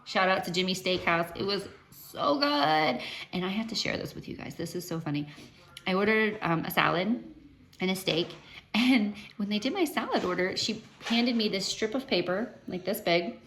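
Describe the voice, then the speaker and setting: A West Virginia vlogger shares cancer treatment updates in a casual chat to camera, telling animated stories packed with fillers and restarts. Her mid-range voice moves a little fast, with slight background noise.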